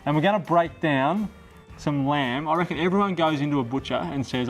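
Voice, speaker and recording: A man's voice: on the high side, a little fast, faint music behind. A man hosting a cooking show outdoors, chatty and joking with his guest. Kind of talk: casual cooking show banter. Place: outdoors in the sun.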